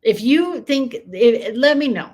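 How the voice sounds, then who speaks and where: A woman's voice: high voice, animated, measured pace, darkish tone. A woman reacting to news clips with sarcastic, increasingly heated commentary.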